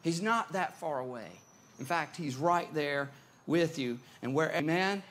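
A man preaching a sermon as pastor, conversational and animated, often repeating words as he goes. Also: on the high side, measured pace, slight background noise.

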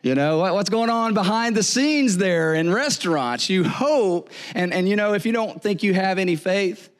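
A male pastor with a fairly high-pitched voice delivers a sermon in a loose, conversational way. He jokes with the congregation, stumbles over repeated words and keeps checking in with "right?" and "you know?". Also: lively intonation, moderate pace.

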